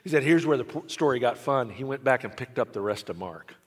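A man preaching a sermon, telling a story and swinging between hushed lines and emphatic ones. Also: medium pitch, lively intonation, a little fast. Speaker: pastor. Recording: long reverb of a large hall.

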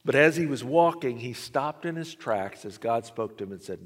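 A man preaching a sermon, telling a story and swinging between hushed lines and emphatic ones. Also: mid-range voice, animated, moderate pace, hardly any pauses. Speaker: pastor. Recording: long reverb of a large hall.

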